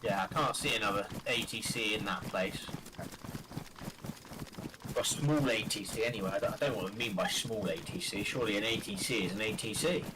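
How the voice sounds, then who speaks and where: A man in casual gaming chat with a teammate, muttering and thinking out loud as he plays. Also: lowish voice, fairly quick. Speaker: teammate in a survival game. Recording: noisy game stream audio.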